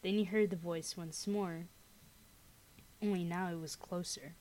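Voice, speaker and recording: A young woman co-hosting a podcast, reading a scary story aloud in a laid-back, unhurried way, and chatting casually. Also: fairly low pitch, steady tone, darkish tone, slight background noise, poor audio. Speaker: podcast co-host.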